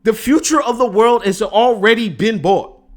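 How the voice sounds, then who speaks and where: His voice sits high and moves at a normal speed as this male host runs a laid-back political commentary stream. He wanders into tangents, restarts sentences, and sounds emphatic and exasperated.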